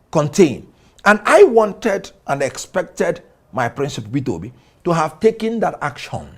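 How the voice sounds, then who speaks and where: Fiery Nigerian man, high lively voice. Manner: fiery, declaiming, rising to shouts. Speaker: interview guest, lawyer. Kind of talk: impassioned political interview.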